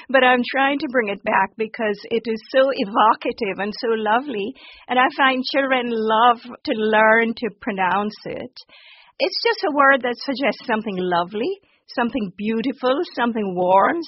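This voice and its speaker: A woman's voice: on the high side, no echo. Woman, close dry lo-fi sound. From Jamaica. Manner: warm, enthusiastic, laughs often. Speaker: children's author. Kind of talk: radio interview answers. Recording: dull lo-fi broadcast audio.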